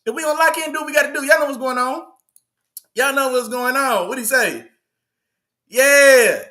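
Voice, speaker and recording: A man hosts a casual live sports talk stream. He talks in loose slang, greets his chat and says things twice. His voice sits high for a man and sounds bright and forceful. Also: normal speed. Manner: slangy, hypes up the live chat, repeats himself. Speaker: sports show host.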